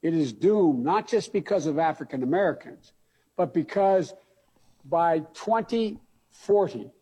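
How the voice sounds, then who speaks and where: A man in a played clip, speaking slowly and emphatically. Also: fairly high pitch, lively intonation, warm tone, slightly rough, long reverb tail.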